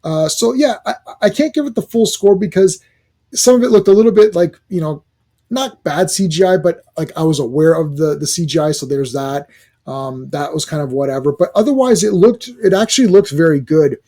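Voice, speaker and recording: A man's voice: a little high, brisk, warm tone. A man giving a casual, rambling review rant, exasperated, with many fillers and restarts. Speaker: video reviewer.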